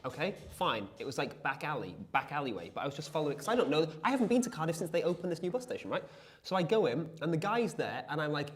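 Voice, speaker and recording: A man's voice: fairly high pitch, quick pace. A man co-hosting a livestream, chatting casually and acting out the people in his stories. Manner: animated storyteller, acts out quoted exchanges. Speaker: livestream co-host. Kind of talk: casual chat.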